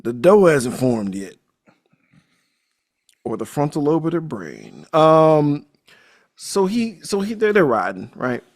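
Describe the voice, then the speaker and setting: Brief: male podcast host, lively swooping voice, pitched a bit high, jokey and profane. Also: slow, pauses often. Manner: animated, profane, jokey storytelling. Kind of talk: casual movie recap.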